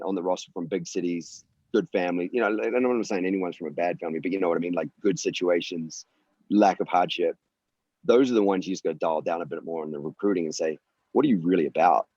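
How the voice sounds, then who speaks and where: A man's voice: sits low, a little mellow, no room sound, lo-fi sound. A man with a New Zealand accent, a college volleyball coach talking earnestly as a podcast guest and telling stories with frequent restarts. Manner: earnest, storytelling, often restarts words. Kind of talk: podcast interview.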